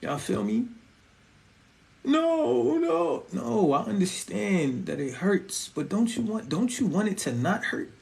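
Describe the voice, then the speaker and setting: High-voiced man preaching casually. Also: slow pace, gravelly. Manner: animated, conversational, slangy, keeps asking "you feel me". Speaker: Christian vlogger.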